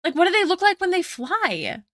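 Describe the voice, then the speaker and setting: Giggly high-voiced woman streamer. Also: big pitch swings, fairly quick, pushed and bright, no room sound, studio quality. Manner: giggly, laughs often; effusive thanks to chat. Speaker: art streamer. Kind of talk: casual chat with viewers while drawing.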